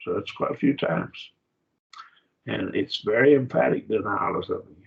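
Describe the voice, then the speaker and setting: A man teaching a Bible study class in a casual lecture, talking in halting phrases and repeating words as he explains. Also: fairly low pitch. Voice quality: gravelly and husky. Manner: halting, repeats words, uses fillers and "see?". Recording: dull lo-fi classroom recording.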